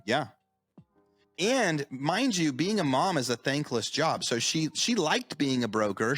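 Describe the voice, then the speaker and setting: A man's voice: mid-range voice, fairly bright tone. A middle-aged man co-hosting a podcast, chatting casually and telling stories that act out the people in them. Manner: storytelling, acts out quoted voices. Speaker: podcast co-host. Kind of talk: casual chat.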